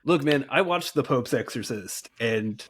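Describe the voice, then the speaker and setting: A laid-back man co-hosting a podcast, with a wry, easy delivery and frequent laughter. His voice sits at an ordinary middle pitch for a man. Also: expressive, unhurried, fairly bright tone, slight background noise. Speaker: podcast co-host. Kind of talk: casual banter.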